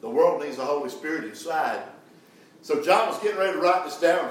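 A man preaches a fervent sermon in a voice on the high side, with lively intonation and a fairly quick pace. He calls out for responses, and the congregation answers amen. The recording comes from an echoey church hall on a distant mic, with slight background noise.

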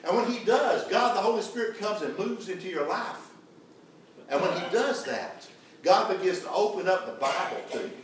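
Fervent preacher in an echoey church. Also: male voice, high voice, expressive, moderate pace, a little hiss or hum. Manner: fervent, calls for congregation responses. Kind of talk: sermon. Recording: echoey church hall, distant mic. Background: congregation answering amen.

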